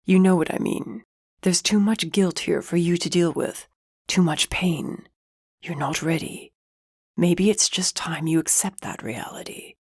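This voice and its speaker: A woman doing a gentle, protective husband. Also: fairly low pitch, a little slow, slightly rough, no echo, studio quality. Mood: gentle firm. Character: protective, tender husband, a grown man.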